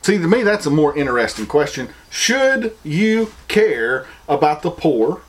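Animated Southern man asking rhetorical questions. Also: a little slow. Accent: Southern American. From American South. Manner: preachy, rhetorical questions, mocking high-pitched imitations. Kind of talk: opinion monologue.

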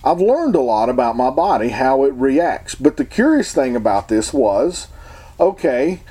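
A man's voice: mid-range voice, sing-song, measured pace, mellow, slightly rough. A man talking casually and emphatically to his viewers, opinionated and rambling, often restarting his sentences. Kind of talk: casual talk to camera.

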